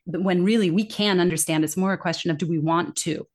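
Woman, low-ish voice, earnest, reflective, interview guest. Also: fairly even intonation, quick pace. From English-speaking country. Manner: earnest, reflective, quotes others' complaints. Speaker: accent bias consultant, guest. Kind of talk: conversational interview.

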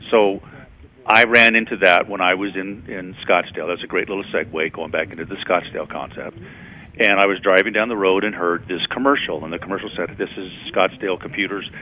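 Man, very low voice, thin phone-like radio sound, conversational storyteller. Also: fairly even intonation, brisk, bright, forceful tone. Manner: conversational storyteller, acts out quotes. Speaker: guest speaker on storytelling. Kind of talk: radio interview, anecdotal explaining.

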